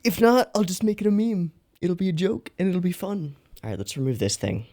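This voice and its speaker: Woman host, casual blooper chat, giggly and self-mocking, very lively swooping pitch. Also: a little fast. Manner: giggly, self-mocking, swears and keeps laughing between takes. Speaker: anime reaction channel host. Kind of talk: casual behind-the-scenes chat.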